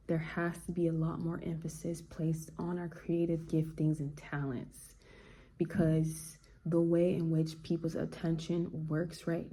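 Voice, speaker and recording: A woman vlogger talking in a relaxed, slangy, reflective way. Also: on the low side. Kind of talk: casual chat.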